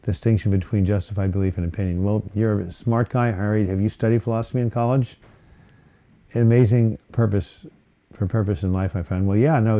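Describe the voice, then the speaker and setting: On a casual live stream about mental health, a man works through viewer comments, answering them with fillers and self-corrections as he rambles. His voice is on the low side and mellow.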